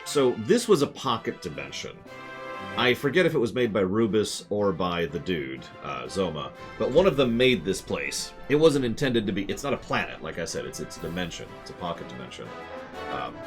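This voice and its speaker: A man's voice: low voice, big pitch swings, normal speed. A man streaming a video game, giving casual commentary with wry, joking asides. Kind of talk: casual let's-play commentary. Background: game music.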